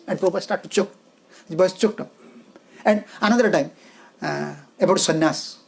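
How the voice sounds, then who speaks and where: Spiritual teacher, male, high pitch, forceful repetitive delivery in simple English. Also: normal speed, gravelly, long pauses. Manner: emphatic, repeats short phrases, simple English grammar. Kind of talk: devotional lecture.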